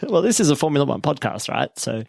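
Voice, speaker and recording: A man's voice: fairly high pitch, big pitch swings, fast, gravelly, darkish tone, no room sound, studio quality. A man with an Australian accent co-hosting a podcast, playful and teasing in casual chat. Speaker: podcast co-host.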